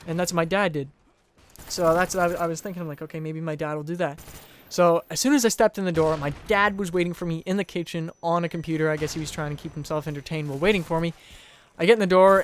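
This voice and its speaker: Fast-talking young man telling a story. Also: fairly high pitch, steady tone, slight background noise. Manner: rambling, repeats words, chuckles. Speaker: gaming channel host. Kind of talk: casual storytelling over gameplay.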